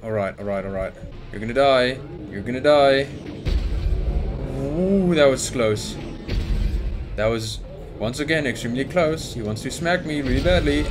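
A man's voice: mid-range voice, animated, normal speed, pauses often. Panicky young man narrating his gameplay. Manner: panicky, talks to the game character and the monster. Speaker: gaming YouTuber. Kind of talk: let's play commentary. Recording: faint music behind. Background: game music.

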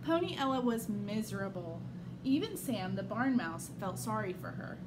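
Woman, school staff, expressive read-aloud, lively pitch, hissy recording. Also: normal speed. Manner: expressive storytelling. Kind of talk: reading a picture book aloud.

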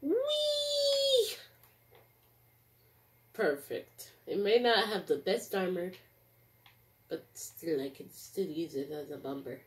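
A woman giving casual gameplay commentary, excitable, squealing and yelling taunts. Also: low-pitched, measured pace, slight background noise. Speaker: gaming streamer.

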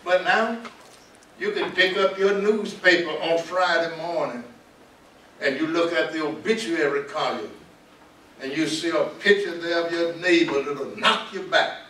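Brief: older Southern man, pastor, emphatic sermon-like delivery, somewhat high voice, recorded from afar in a big echoing hall. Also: pushed and bright. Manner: emphatic, repeats key words, slows for stress. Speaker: pastor and author speaking to students. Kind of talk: preaching-style talk. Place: large auditorium. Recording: echoey hall, distant mic, light noise.

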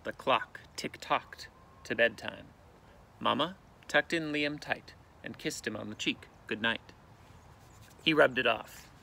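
A male teacher reading a picture book aloud with expressive, dramatic storytelling, outdoors in a canoe. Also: mid-range voice, slow pace, creaky.

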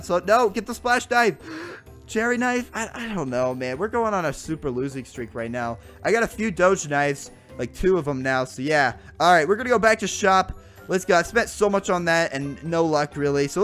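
A young man giving excitable gameplay commentary, groaning and exclaiming at bad luck and talking to viewers as guys and bro. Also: fairly high pitch. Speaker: gaming YouTuber.

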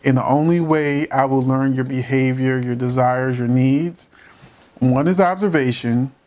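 Male commentator, casual and opinionated, emphatic with rhetorical questions; medium pitch, muffled lo-fi audio. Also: a little mellow. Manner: holds back from cursing. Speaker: commentator reacting to a court show.

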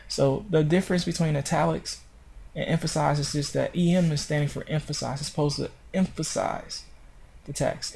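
A man's voice: fairly high pitch, creaky, a little mellow. A man narrating a screencast tutorial on web design, explaining step by step in an informal way and correcting himself as he goes.

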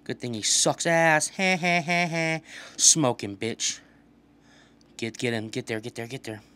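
A young man giving casual commentary while playing a video game, swearing often and trash-talking opponents in an excitable way. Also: medium pitch, a little slow. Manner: profane, excitable trash talk. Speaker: gaming channel host.

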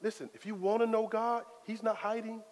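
A man preaching a sermon as pastor, in a lively, conversational style full of casual Southern phrasing. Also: sits high, fairly quick. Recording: long hall reverb.

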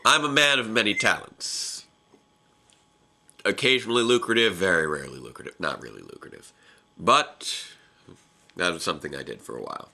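A young man co-hosting a casual live reaction video, exclamatory and animated, often restarting his sentences. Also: low-pitched, normal speed, creaky, long pauses. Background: television episode playing.

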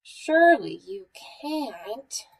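A woman's voice: on the high side, big pitch swings, very slow, breathy edge, heavily acted. A woman voicing a polite little mouse. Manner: very polite, eager, mischievous. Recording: voice a bit far from the mic.

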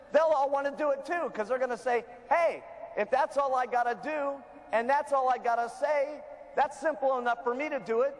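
A man's voice: extremely high pitch, long reverb tail. A man giving a motivational sales training talk, emphatic and salesy, often checking in with his audience.

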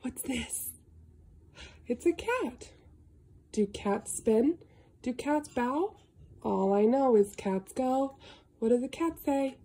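A woman reading a picture book aloud to a young child, slow and sing-song, with gasps and animal sounds. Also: high voice, animated, warm tone. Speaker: storybook reader.

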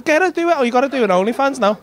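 High-voiced, sweary comic. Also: male voice, animated, very fast. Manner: loud, sweary, laughing banter with the front row. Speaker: stand-up comedian. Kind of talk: crowd work. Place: comedy club stage. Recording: live club recording with crowd noise. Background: laughing audience.

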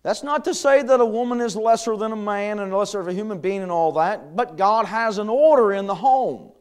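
In a church sanctuary, a middle-aged pastor delivers a conversational sermon sprinkled with chuckles and fillers. His voice sits high and is expressive, brisk and clean.

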